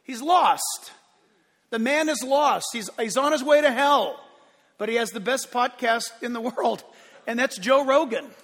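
A man preaching from the pulpit with a very high, bright, forceful voice. He hammers his points home, then drops to hushed asides. His words ring out with the long reverb of a church sanctuary. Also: unhurried. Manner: emphatic preaching, swinging between loud declarations and hushed asides. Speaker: pastor. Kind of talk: sermon.

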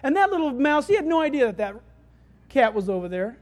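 A preacher telling homely stories in a sermon, talking in a conversational way that swings between loud, excited stretches and hushed, quiet ones. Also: sits high, a little fast. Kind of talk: sermon with storytelling.

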